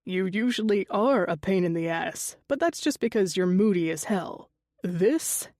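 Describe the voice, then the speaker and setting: A woman's voice: mid-range voice, lively intonation, measured pace, a little mellow, no echo, natural voice. Woman narrator doing a wry teasing male tattoo artist shifter, chatty, audiobook reading, dry sound.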